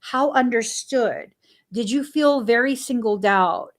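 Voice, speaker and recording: A woman's voice: fairly high pitch, takes it slowly. A woman hosting a spiritual podcast, telling a family story in a casual way. She acts out the quoted dialogue and laughs often. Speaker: podcast host.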